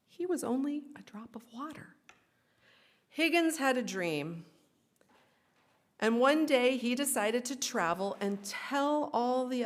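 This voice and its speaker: With a fairly high voice, a woman minister tells a story for all ages during a worship service. She is expressive and gently inviting.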